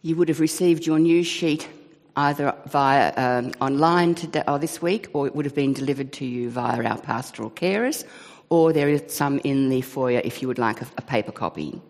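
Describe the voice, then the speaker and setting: A man leading church notices and prayers in a measured, earnest way. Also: mid-range voice. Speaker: church leader. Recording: reverberant church hall.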